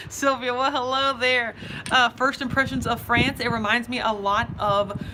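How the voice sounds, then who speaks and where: A woman's voice: fairly high pitch, fairly even intonation, a little slow. A young woman vlogger chatting casually on a live stream, greeting viewers by name and giggling often, speaking from an outdoor patio. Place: outdoor patio in a city neighborhood. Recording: noisy outdoor phone recording.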